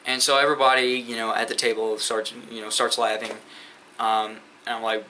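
A man's voice: mid-range voice, fairly even intonation, fairly quick, pushed and bright, a little hiss or hum, poor audio. Profane, rambling teenage boy. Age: teens. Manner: profane, rambling, many fillers. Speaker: vlogger. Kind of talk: casual storytime rant.

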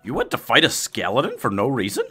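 A man live-streaming a game, talking casually to his chat and yelling at his pet dog. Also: mid-range voice, huge pitch swings, quick pace, slightly rough, soft background music.

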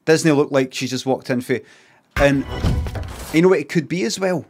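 A man with a Scottish accent, streaming casually and reacting out loud in a rambling, repetitive, sweary way. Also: fairly high pitch, moderate pace, slight background noise.

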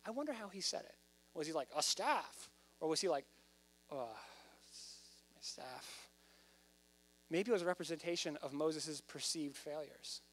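Pastor, male, delivering a lively sermon that builds to loud, emphatic stretches; faint electrical hum underneath. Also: a little high, fast. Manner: animated preaching, rising to loud emphasis.

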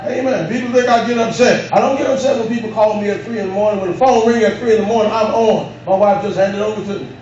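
A male pastor preaching a fervent sermon, rising into drawn-out shouts and calling on the congregation to answer. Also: sits high. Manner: calls on the congregation for responses. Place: church sanctuary. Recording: echoey, dull room recording from far off with background noise.

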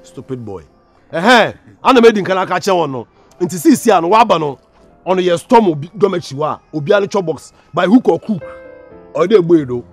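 A man's voice: high-pitched, expressive, fairly quick, soft background music. A man with a Ghanaian accent playing a senior student who mocks and orders juniors around. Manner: bossy, mocking, barking orders. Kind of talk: comedy skit acting.

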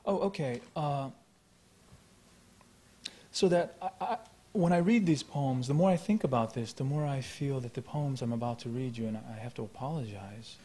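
A man giving a poetry reading at a live event, talking in a halting, reflective way with many fillers and restarts, then reciting his verse in a slow, measured voice. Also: medium pitch, warm tone, breathy edge. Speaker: poet. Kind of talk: poetry reading with spoken introduction. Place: lecture hall at a live event.

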